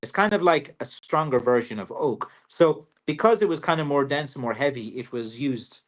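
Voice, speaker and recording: A man's voice: medium pitch, lively intonation, normal speed, fairly bright tone. A man with an Irish accent, a walking stick maker hosting a casual livestream Q&A, chatty and joking with many fillers.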